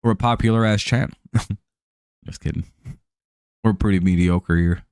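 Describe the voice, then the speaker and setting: A man's voice: on the low side, measured pace, a little mellow, clean tone, no room sound. A man hosting a live stream, chatting casually over a baseball game, laid-back and joking, with casual swearing.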